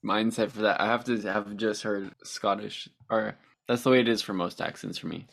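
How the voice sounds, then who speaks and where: A man's voice: on the low side, fairly even intonation, normal speed, creaky, fairly bright tone, a little hiss or hum. A man co-hosting a podcast in casual chat, rambling, stumbling over words and laughing often. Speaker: podcast co-host.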